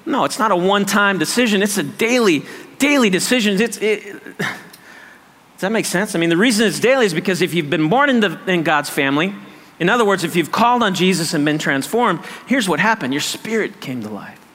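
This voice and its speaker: Guy preaching, high bright voice, keeps repeating himself, big echoey hall. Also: expressive, fairly quick. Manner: emphatic, repeats phrases, asks "does that make sense". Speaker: pastor. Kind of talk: sermon.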